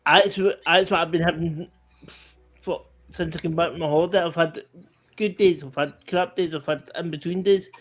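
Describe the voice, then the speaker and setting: Rambling Scottish man, slightly high voice. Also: steady tone, moderate pace, rough recording. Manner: rambling, restarts, emphatic. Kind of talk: casual livestream chat.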